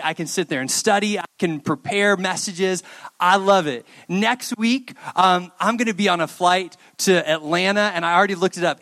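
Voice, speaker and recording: A young adult man giving a youth sermon, telling a personal story in an animated way and acting out the dialogue. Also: high voice. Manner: animated storyteller, acts out dialogue in quoted voices.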